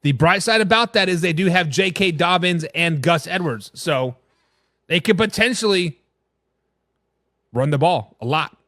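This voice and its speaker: A man's voice: lively intonation, a little slow, long pauses, fairly bright tone, no echo, clean studio sound. A man hosting a live NFL talk stream, brash and opinionated, reading fan comments and answering them directly. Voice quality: high, twangy voice. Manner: brash, opinionated, talks straight to chat. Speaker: sports talk show host.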